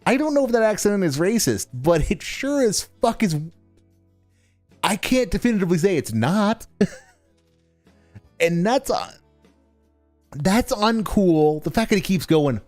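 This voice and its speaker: A man's voice: sits high, very animated, unhurried, long pauses, a little mellow, no room sound, faint music behind. A man hosting a game stream, commenting sarcastically and mockingly with lots of swearing and restarts.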